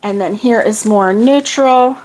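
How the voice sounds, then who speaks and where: A middle-aged woman chatting casually while sorting yarn for her crochet channel, self-deprecating and quick to laugh. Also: a little high, darkish tone, low-quality recording. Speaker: crochet vlogger.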